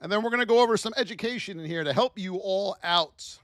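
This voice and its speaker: A man hosting a live trading lesson, firing rhetorical questions at his chat in a high-energy, hype-driven way. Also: fast, a bit bright, no echo, clean studio sound. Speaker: trading educator hosting a livestream.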